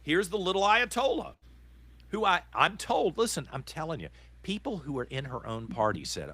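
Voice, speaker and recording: Indignant, lively-voiced male podcast host. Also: fairly high pitch, moderate pace, husky. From Virginia. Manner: indignant, impassioned ranting. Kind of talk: political talk show commentary.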